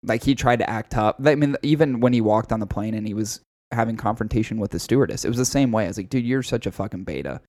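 Casual podcast co-host, a man with a lowish voice and a dry, close sound, swearing freely as he tells his story. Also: quick pace, few pauses, dry recording. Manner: profane, animated storytelling. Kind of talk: casual chat.

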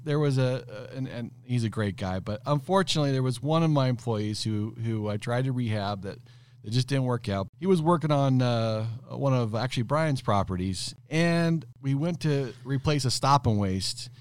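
A middle-aged man who owns a landscaping company, telling an animated, rambling anecdote in a casual podcast interview. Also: mid-range voice, moderate pace, smooth, no room sound.

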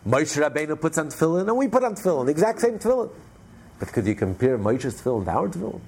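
A man teaching a religious class, telling a story in an animated way with frequent restarts. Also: on the high side, fast, gravelly, breathy edge.

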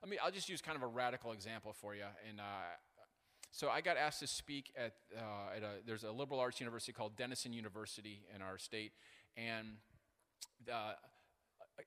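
Bright-voiced male pastor in reverberant hall. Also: medium pitch, fairly quick. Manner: animated, self-deprecating, many fillers and restarts. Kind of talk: sermon with storytelling.

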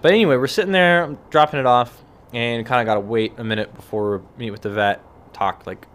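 A man's voice: mid-range voice, a little fast. A man hosting a casual solo podcast, telling stories in a rambling, wry way and acting out what other people said. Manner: rambling, wry storytelling with lively acted-out quotes. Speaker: podcast host. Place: relaxed evening setting with a cigar and beer.

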